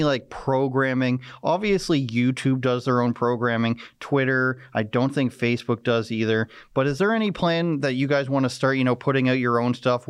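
A man's voice: medium pitch, clean tone, no room sound. A man hosting a casual podcast chat, rambling and jokey with many restarts. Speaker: podcast host.

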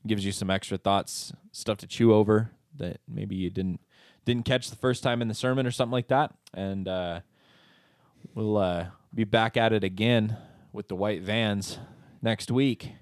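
Low-voiced joking male podcast host. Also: steady tone, unhurried, no echo, clean studio sound. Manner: joking, sarcastic. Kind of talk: casual chat.

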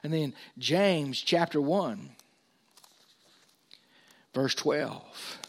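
Man preaching, rising on scripture. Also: drawn-out words. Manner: preaching with rising emphasis on scripture, dropping low for asides. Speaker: pastor. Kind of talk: sermon.

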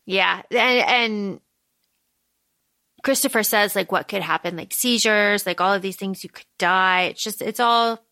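A woman's voice: mid-range voice, a little slow, sharp tone. A woman co-hosting a podcast in casual book chat, animatedly acting out characters' lines. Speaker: podcast co-host.

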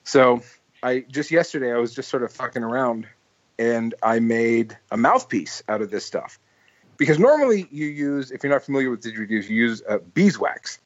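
A man rambles through a story on a casual podcast, restarting his sentences often. His voice sits at an ordinary pitch and sounds dry and close. The sound is a little dull. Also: expressive, normal speed, dry recording. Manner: rambling, full of "like" and restarts, laughs while telling stories. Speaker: podcast host.

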